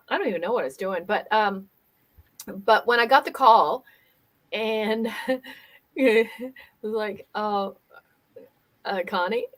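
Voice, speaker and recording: A woman in a coaching role hosts a casual livestream conversation with a fairly high voice. She tells her stories with animation, acting out other people's lines as she goes. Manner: animated storytelling, acting out quoted dialogue. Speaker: host and business coach.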